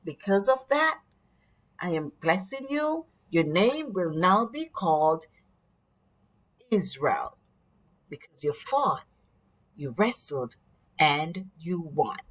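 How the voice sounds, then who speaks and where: A woman's voice: medium pitch, big pitch swings, slow. A woman voicing a mysterious male stranger who solemnly gives a blessing in a children's Bible story.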